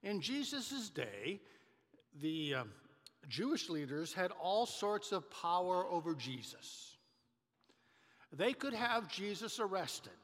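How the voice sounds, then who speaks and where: A male pastor preaching a sermon in a church, telling a story in a measured manner with some restarts. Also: high-pitched, sing-song, fairly bright tone. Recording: reverberant church hall.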